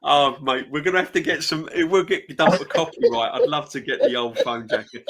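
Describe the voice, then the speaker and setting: A man's voice: on the high side, normal speed, a bit bright. A man hosts a casual live-stream chat and rambles on in a chatty way. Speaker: host. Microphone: remote streaming mic.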